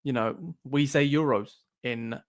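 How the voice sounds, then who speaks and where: A man's voice: mid-range voice, measured pace. An Irish man in the middle of his vocal range, talking easily through a live stream. He reads out viewer comments and answers each one in a loose, chatty way. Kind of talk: casual live-stream chat.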